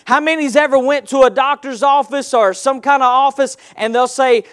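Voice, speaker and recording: A man's voice: very high voice, normal speed, hardly any pauses, a bit bright, clear, resonant tone. A man preaching a sermon in a church, using call-and-response and rhetorical questions. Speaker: pastor.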